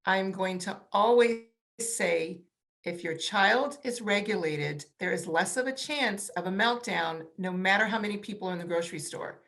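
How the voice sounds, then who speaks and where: Woman, communication coach, mid-pitched voice, emphatic, repeats words for stress. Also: moderate pace, fairly bright tone. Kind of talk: panel discussion advice.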